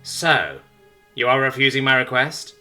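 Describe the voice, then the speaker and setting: A man's voice: mid-range voice, big pitch swings, measured pace, bright, forceful tone, soft background music, pitched above the performer's own voice, heavily acted. A man voicing a haughty, imperious female alien ambassador with eight eyes, speaking with contempt. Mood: demanding. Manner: haughty, indignant.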